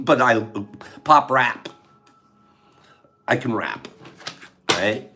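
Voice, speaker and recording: A man's voice: medium pitch, lively intonation, drawn-out words, bright, forceful tone. An older man hosting a casual live chat, playful and joking, laughing often and reading out viewers' answers. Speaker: livestream host.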